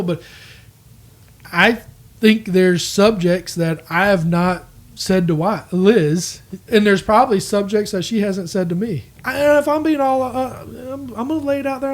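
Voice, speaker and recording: A man co-hosting a marriage podcast, talking earnestly and candidly, owning up to his own faults. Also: high-pitched. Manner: earnest, self-critical, quotes people in acted voices. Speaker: podcast co-host.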